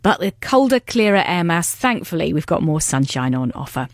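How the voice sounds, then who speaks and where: A woman presenting a radio weather forecast, with a brisk, lilting delivery. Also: lowish voice, sing-song, no echo, clean studio sound.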